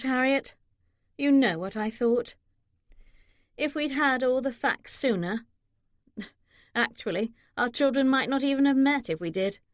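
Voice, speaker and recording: A woman's voice: no room sound, clean studio sound. A woman narrating a historical romance audiobook, giving characters light shifts in voice. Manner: expressive, shifts pitch for characters.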